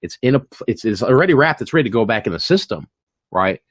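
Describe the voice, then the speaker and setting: A man's voice: mid-range voice, big pitch swings, fast talker, breathy edge, no echo, dull audio. A man hosting a casual chat about online reselling, talking in a chatty way with many fillers and repeated words. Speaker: channel host and online reseller. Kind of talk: casual chat on a live stream.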